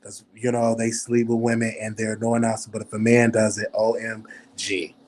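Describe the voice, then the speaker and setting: A man's voice: on the low side, completely flat delivery, moderate pace, darkish tone. A man with a Southern US accent runs his own show from home late at night, chatting loosely into the camera. He is a little tipsy, rambles, stumbles over repeated words and laughs often at his own remarks. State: tipsy from drinking. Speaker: show host. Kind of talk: casual livestream commentary.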